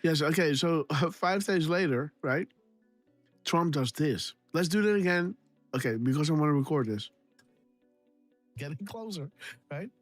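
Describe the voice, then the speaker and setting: A man's voice: on the high side, expressive, a little slow, long pauses, no room sound, faint music behind. Laughing man hosting a casual livestream. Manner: laughing, repeats himself, imitates sound effects. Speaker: livestream host.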